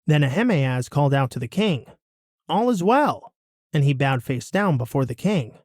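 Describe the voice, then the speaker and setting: Man reading scripture, lively voice. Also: medium pitch, a little fast, dry recording, studio quality. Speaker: scripture reader.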